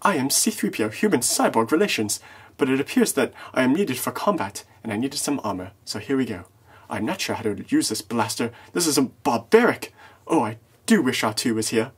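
A man's voice: mid-range voice, expressive, brisk, slightly rough. A man doing a fussy, fretful robot butler. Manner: prim and fretful. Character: fussy, anxious male protocol robot.

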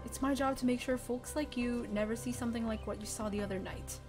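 A woman voicing a stern, weary male police officer, speaking gravely in a lecturing way. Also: on the high side, steady tone, fast talker, over music, close to an everyday voice. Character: stern weary small-town male cop.

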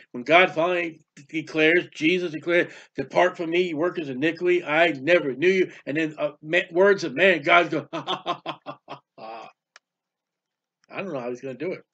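A man preaching a sermon, animated and emphatic, reading scripture aloud. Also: a little high. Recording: dull lo-fi sound.

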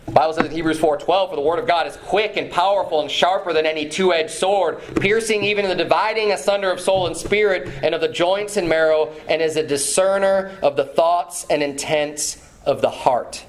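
A pastor preaching a sermon in church, reading scripture aloud with some restarts and fillers. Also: male voice, a little high, fairly quick, hardly any pauses, slight background noise. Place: church sanctuary.

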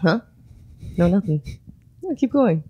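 A tired woman chatting on a podcast, giggly and slow-spoken. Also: medium pitch, expressive, husky, dull audio. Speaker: podcast co-host. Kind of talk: casual chat.

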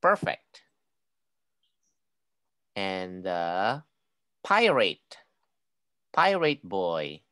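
A woman with a strikingly deep voice leads an online phonics lesson for a child. She speaks very slowly, saying each word clearly and praising every answer. The sound is dry and close, with no room echo. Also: very animated, fairly bright tone. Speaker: English phonics teacher.

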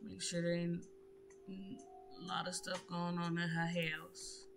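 A woman talking through her game in a casual, chatty way, slangy and direct with her viewers. Her voice sits fairly low, with music playing behind her. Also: little pitch movement, takes it slowly, vocal fry. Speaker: gaming YouTuber. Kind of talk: casual gameplay commentary.

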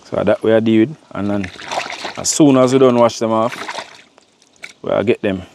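A man's voice: fairly low pitch, moderate pace, a little mellow, a little hiss or hum. Man talking viewers through cooking outdoors. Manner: chatty, addresses viewers directly as "my people". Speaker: cooking vlogger. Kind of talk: casual cooking demonstration.

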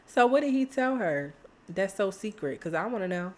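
A woman, chatting excitedly to viewers while playing a life-sim game. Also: mid-range voice, moderate pace. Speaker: gaming streamer. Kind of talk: casual let's-play commentary.

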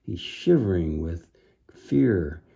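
Brief: man reading a kids' book aloud, unhurried, mellow tone, chatty asides. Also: sits low, expressive, creaky, breathy edge. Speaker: reader of a children's book.

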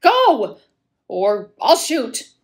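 An actor in a community audio play playing a proud widow, haughty and cutting, then wavering. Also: female voice, sits high, wildly swooping pitch, very slow, full character voice. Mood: angry. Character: proud young widow, scornful and fiery. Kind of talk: amateur radio play acting.

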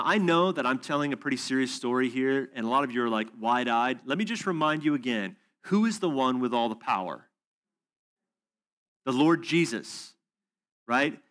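A male conference speaker giving a sermon through a story. He talks in an animated way and acts out both voices of a conversation with a middle-pitched voice. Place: church hall or conference room.

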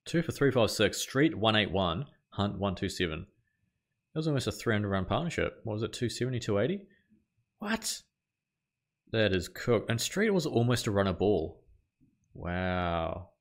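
A man's voice: on the low side, sing-song, normal speed. A man hosting his gaming channel, casually talking through his play, reading out scores and swearing or exclaiming at big moments. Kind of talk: casual video game commentary.

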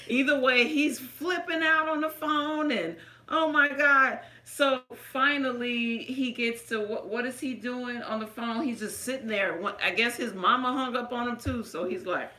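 Lively laughing woman storyteller. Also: on the high side, measured pace, few pauses. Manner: lively, laughing often, acts out quoted voices. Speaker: co-host telling a story. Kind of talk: animated storytelling chat. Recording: echoey room.

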